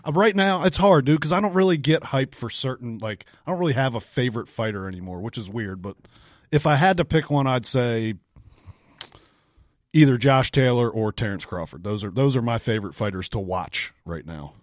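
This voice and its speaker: A man's voice: medium pitch, a little fast, dry recording, studio quality. A man co-hosting a boxing podcast, telling loose, profane fight stories in casual chat. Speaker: podcast co-host.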